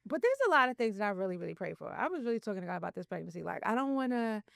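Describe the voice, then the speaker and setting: Woman guest on a podcast, smooth clear voice, straight-talking, dry close sound. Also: medium pitch, big pitch swings, very fast, no room sound. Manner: candid, matter-of-fact, faith-centered. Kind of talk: casual interview chat.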